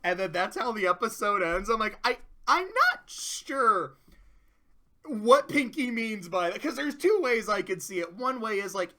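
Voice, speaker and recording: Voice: mid-range voice, sing-song, a little slow, pushed and bright. A cartoon episode reviewer in casual video commentary, rambling with profanity and laughing asides.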